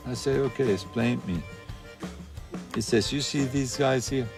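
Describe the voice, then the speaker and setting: A man recounting events in a documentary interview, swearing often and telling the story with lively animation. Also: mid-range voice, a little slow. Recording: faint music under voice.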